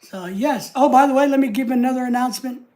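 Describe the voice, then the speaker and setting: An American man hosts a livestream from his home desk, chatting casually and reading out and greeting viewer comments in a live chat. His voice is very high and a little mellow, and he talks fast.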